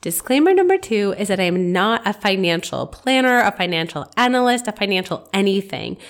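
A woman's voice: medium pitch, sing-song, brisk. A woman speaks through a stuffy, nasal head cold as she hosts her own podcast. Her delivery is casual and candid, full of personal asides. She is a physician talking to her listeners one-on-one. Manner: chatty and candid, personal anecdotes. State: congested. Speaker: podcast host. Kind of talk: casual solo podcast talk.

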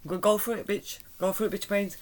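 A woman bantering with a friend, stubborn and sweary, mock-threatening and refusing flatly. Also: medium pitch, a little fast. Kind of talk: casual banter.

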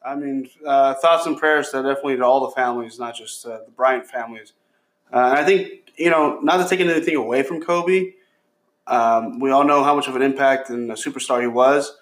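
Male co-host, mid voice, halting delivery. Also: medium pitch, fairly bright tone. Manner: halting, repeats words. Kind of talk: casual chat.

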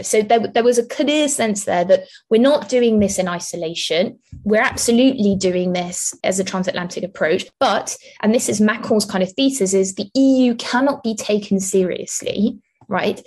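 A woman think-tank analyst giving measured, explanatory answers in an interview, with frequent restarts. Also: medium pitch, a little mellow.

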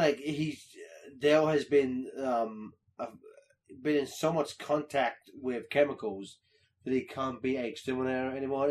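A man chatting casually, retelling scenes with halting speech and fillers. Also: medium pitch, darkish tone, a little hiss or hum. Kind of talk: casual podcast chat.

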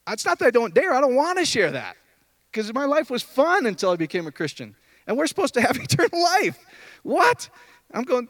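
A man delivering a casual, conversational sermon, often checking in with his listeners. His fairly high voice swings from loud, excited peaks to hushed low asides. The sound is dry and close, with no room echo. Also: brisk. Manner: animated, jumps between loud high outbursts and low murmurs; conversational, asks the room questions. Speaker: preacher. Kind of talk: informal sermon to a group.

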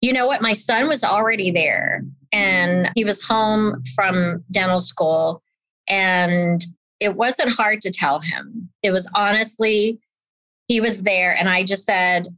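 Animated woman telling her story, lo-fi. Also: medium pitch, slow pace, no echo. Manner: animated storyteller who acts out quoted voices. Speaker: interview guest. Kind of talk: personal story in conversation. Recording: dull lo-fi dry sound.

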